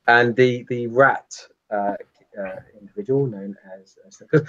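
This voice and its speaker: Slow-talking male game master. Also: medium pitch, bright, forceful tone, muffled recording. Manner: unhurried, descriptive, with pauses. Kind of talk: narrating a tabletop game.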